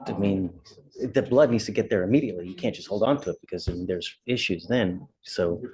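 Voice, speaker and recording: A man's voice: deep voice, brisk, darkish tone, poor audio. Easygoing male judge in a courtroom. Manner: easygoing, chatty, decisive. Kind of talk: casual courtroom docket talk.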